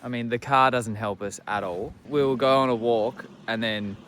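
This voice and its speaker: A man's voice: mid-range voice, fairly even intonation, moderate pace, a bit bright, slight background noise. A young Australian man chatting casually and joking in a laid-back travel vlog. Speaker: travel vlogger. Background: background music.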